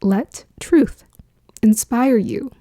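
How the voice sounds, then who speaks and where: Woman astrologer, mellow voice, casual musing talk, frequent laughs, soft whispers for emphasis. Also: on the high side, drawn-out words. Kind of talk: casual spiritual talk to camera.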